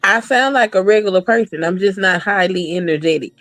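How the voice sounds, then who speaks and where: A woman's voice: mid-range voice, a little fast, a bit bright, no echo. A woman talks bluntly and swears freely as she tells stories from her old jobs. Her voice sits mid-range and sounds dry and close. A faint music bed plays underneath. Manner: blunt and profane storytelling. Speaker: podcast co-host. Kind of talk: casual chat.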